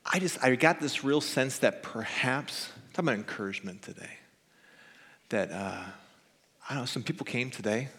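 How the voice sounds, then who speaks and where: A man's voice: medium pitch, normal speed, fairly bright tone, husky. A male pastor giving a conversational sermon that builds to emphatic preaching, often tagging "right?". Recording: reverberant church hall.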